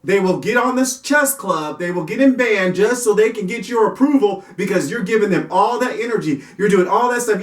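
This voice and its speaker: A man's voice: sits high, normal speed. A man giving a casual, folksy Christian parenting talk who often repeats himself and restarts his sentences. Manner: folksy, repetitive, restarts and chuckles. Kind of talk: casual faith-based talk. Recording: roomy echo, distant mic.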